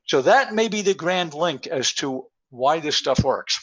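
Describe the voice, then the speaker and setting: A man's voice: fairly high pitch, animated, unhurried, fairly bright tone. A man in his seventies giving a rambling, story-filled conference presentation over a call, with many fillers. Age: 70s. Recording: muffled lo-fi call audio.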